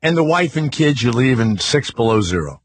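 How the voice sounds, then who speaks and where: A man's voice: mid-range voice, very animated, moderate pace. A man hosting a talk radio show, chatting with callers in a brash, crude, rambling way.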